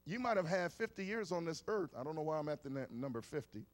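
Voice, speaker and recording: A man's voice: fairly high pitch, very animated, fast. A man in his fifties preaching a sermon in a conversational way, coaxing the congregation along. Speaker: pastor.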